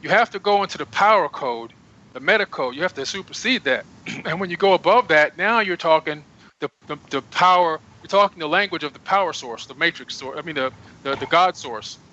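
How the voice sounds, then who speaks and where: A man's voice: a little high, fairly quick, bright, forceful tone. A man speaking as a guest on a radio interview, earnest and emphatic. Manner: earnest, emphatic, preaching self-empowerment. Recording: dull lo-fi radio audio.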